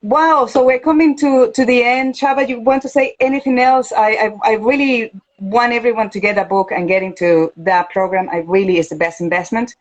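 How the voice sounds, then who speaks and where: A woman's voice: fairly high pitch, fairly even intonation, brisk, muffled recording. A woman from Venezuela with a Venezuelan Spanish accent, a coach hosting a casual interview, talking animatedly and acting out quoted voices. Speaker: host and coach.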